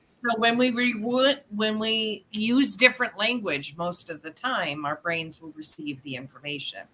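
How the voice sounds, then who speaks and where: Woman host, enthusiastic, laughs a lot, mid-pitched voice, very bright tone. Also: fairly even intonation, unhurried. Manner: warmly enthusiastic, laughs often. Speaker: podcast host. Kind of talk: casual interview.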